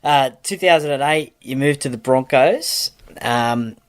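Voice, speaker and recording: An Australian man hosting a podcast, relaxed and encouraging as he asks questions and laughs along. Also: medium pitch, measured pace, clear, resonant tone. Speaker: podcast host. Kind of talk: casual interview chat.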